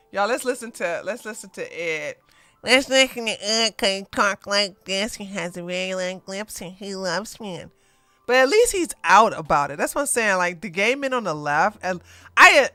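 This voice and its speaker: Bright, crisp-voiced woman streamer. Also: mid-range voice, no room sound. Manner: chatty, laughing, animated reactions. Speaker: livestream host. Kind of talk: casual commentary livestream.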